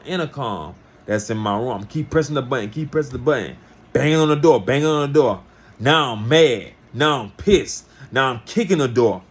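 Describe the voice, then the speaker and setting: A man telling a personal story in a casual, lively way, acting out the people he quotes. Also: mid-range voice, slightly rough.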